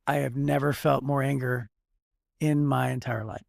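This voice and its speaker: A man's voice: medium pitch, little pitch movement, moderate pace, gravelly, a little mellow, dry recording, clean studio sound. A man co-hosting a faith podcast as a pastor, speaking emphatically and repeating words for stress. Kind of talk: casual faith discussion.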